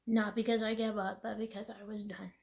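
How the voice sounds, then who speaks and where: A woman speaking in a conversational, earnest way as she shares a personal faith testimony. Her voice has a gravelly edge. She sounds tired and teary, sometimes dropping into a whisper. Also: mid-range voice, level tone, fairly quick. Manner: earnest, conversational, with soft laughs and trailing whispers.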